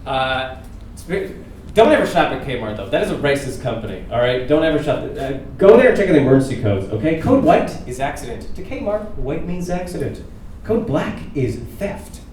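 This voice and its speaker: A young man performing a stand-up comedy set, self-mocking and deadpan. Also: mid-range voice, moderate pace. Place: theatre stage with live audience. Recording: roomy distant theatre sound with noise.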